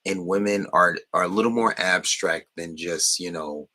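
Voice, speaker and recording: A young man hosting a podcast, talking bluntly in a casual monologue and full of profanity, mimicking people in high voices. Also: moderate pace, sharp tone. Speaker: podcast host.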